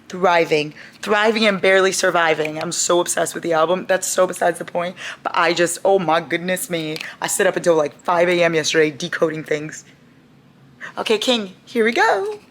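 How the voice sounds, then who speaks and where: A young woman chatting casually in a reading vlog, expressive and quick to swear, with sudden laughs and shocked outbursts. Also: on the low side. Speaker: book vlogger.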